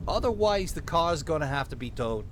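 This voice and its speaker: A man voicing an exasperated small-town male police chief with a put-on Minnesotan accent, barking hurried orders. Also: fairly high pitch, very animated, a bit bright, a little hiss or hum. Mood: stern. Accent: put-on vaguely Minnesotan.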